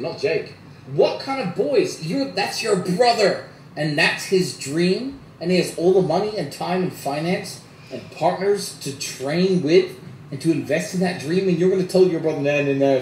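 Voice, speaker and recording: A man talking heatedly in casual chat, emphatic and profane, repeating himself for stress. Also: sits high. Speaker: media personality. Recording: echoey room from a distance, faint hiss.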